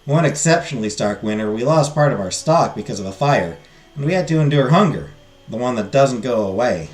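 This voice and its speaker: A man voicing a wistful young woman farmer who mourns her siblings, with a put-on Southern drawl, telling her story slowly and sadly. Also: medium pitch, lively intonation, roomy sound, soft background music, natural voice. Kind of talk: reading game dialogue aloud.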